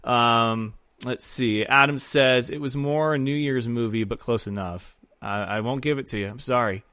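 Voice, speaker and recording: A man hosting a casual sports talk show, chatting and rambling in a lively way. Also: mid-range voice, normal speed, no room sound. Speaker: podcast host.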